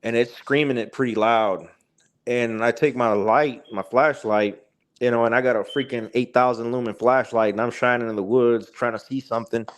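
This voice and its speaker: A truck driver appearing as a podcast guest tells a spooky story, rambling with many fillers and restarts. His voice is medium in pitch, steady in tone, and at a normal speed.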